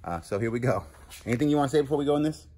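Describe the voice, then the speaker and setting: A man's voice: medium pitch, animated, very fast, a little hiss or hum. A man hosting a vlog, chatting casually and joking while he sorts through a storage unit. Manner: chatty, jokey, thinking out loud. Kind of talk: casual chat to camera.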